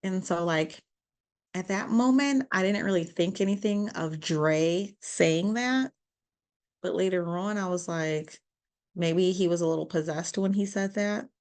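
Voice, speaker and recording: A woman co-hosting a podcast, retelling a movie's scenes in a casual, animated way, full of "like" and acted-out quotes. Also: on the low side, a little slow. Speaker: podcast co-host. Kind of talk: casual movie recap chat.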